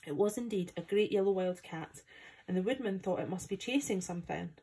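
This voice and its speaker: A woman from Scotland reading a children's story aloud with steady, plain storytelling. Her voice is mellow and dark, with a breathy, husky grain. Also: lowish voice, brisk. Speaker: volunteer reader.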